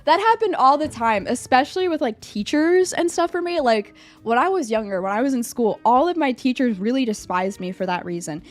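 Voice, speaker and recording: A young woman streaming live, chatting casually with her chat and answering a quiz about herself, animated and at times breaking into loud high squeals. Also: fairly quick, hardly any pauses, faint music behind. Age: young adult. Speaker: VTuber streamer.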